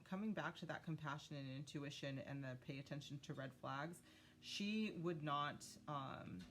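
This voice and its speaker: A woman with a low, deep voice gives a casual tarot reading, talking straight to her viewers. She is chatty and loose, full of ums, and stops now and then to thank her spirit guides. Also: slight background noise. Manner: chatty, many fillers, talks to spirit guides. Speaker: tarot reader.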